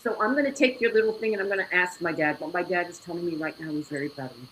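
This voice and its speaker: A woman speaking as an interview guest, telling a personal story in an animated, exclamatory way and laughing often. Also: fairly low pitch, very fast, slight background noise, rough recording.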